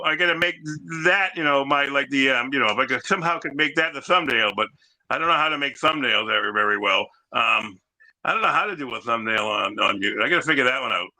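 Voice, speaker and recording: A man hosts a loose, casual chat, circling his points with restarts and fillers. His voice is very bright, and his pitch leaps and dips widely. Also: rough recording. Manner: rambling, full of restarts and "you know". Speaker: host.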